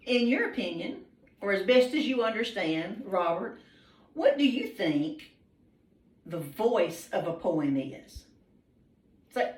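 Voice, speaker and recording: A woman teacher, patiently questioning students by name in a classroom, with frequent ums. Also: mid-range voice. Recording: roomy classroom, mic far off.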